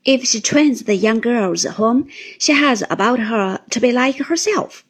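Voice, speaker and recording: A woman's voice: on the high side, expressive, measured pace, husky. A woman reading a stern elderly aunt, speaking in a clipped, emphatic and blunt way. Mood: firm, earnest.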